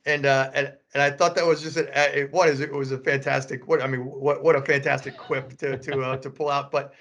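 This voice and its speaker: A man's voice: mid-range voice, flat delivery, a little fast, fairly bright tone. A man hosting a podcast interview, framing questions with many restarts and fillers. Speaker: podcast host. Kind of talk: conversational interview.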